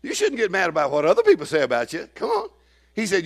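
A man preaching a sermon in church, acting out quoted people and swinging from shouting to hushed asides. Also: sits high, wildly swooping pitch, rapid-fire, gravelly.

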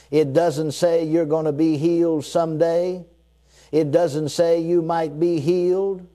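A male preacher in full sermon, his voice pitched a little high yet mellow and warm. He drives each point home with repetition and slows right down when he reads scripture, then has his listeners repeat his declarations back to him. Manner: emphatic, repeats key phrases, slows down for scripture; leads the congregation in call-and-response declarations.

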